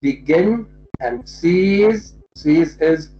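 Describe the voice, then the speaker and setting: A literature lecturer explaining a poem, speaking deliberately and repeating key points to make them plain. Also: mid-range voice, expressive, faint music behind. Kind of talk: poetry lecture. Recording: dull lo-fi recording.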